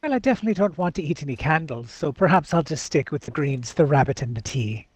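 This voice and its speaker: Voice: mid-range voice, animated, fast talker, darkish tone, breathy edge, no room sound. Casting: a player as a gracious, genteel male elf who savors every dish. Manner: polite, genteel phrasing. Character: male wood elf, courteous and gourmet. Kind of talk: online game role-play.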